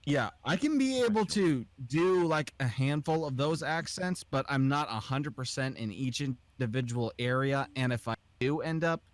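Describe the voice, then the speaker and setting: A man's voice: medium pitch, lively intonation, normal speed, hardly any pauses, no echo. A young man hosting a podcast, chatting casually and explaining in a rambling way with lots of fillers. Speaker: podcast host and aspiring voice actor. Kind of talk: casual group chat.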